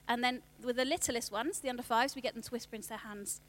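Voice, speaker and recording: A woman, giving a workshop talk on children's ministry in a chatty way, with quick asides and restarts. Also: fairly high pitch, fairly even intonation.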